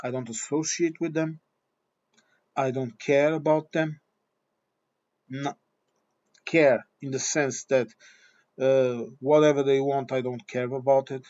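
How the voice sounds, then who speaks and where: A man's voice: mid-range voice, steady tone, slow, long pauses, darkish tone. Blunt, swearing man on a dull recording. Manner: blunt, swearing, repeats himself. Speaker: vlogger. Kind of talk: opinion monologue.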